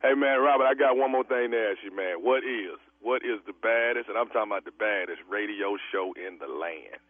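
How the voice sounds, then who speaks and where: A man's voice: lowish voice, fairly quick, no echo. A man making a radio prank call, speaking in a teasing, drawling way. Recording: tinny phone line.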